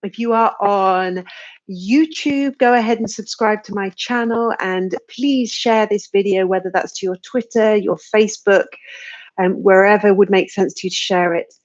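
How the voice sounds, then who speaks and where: A woman leading a live tapping session, giving slow, soothing guidance and phrases to repeat, with sighs and yawns along the way. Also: mid-range voice, fairly even intonation, muffled recording.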